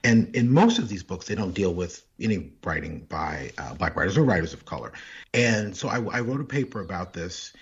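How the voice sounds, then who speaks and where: A man, a poet and author, talking in a casual interview with thoughtful, halting speech full of restarts. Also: sits low, expressive, husky, lo-fi sound.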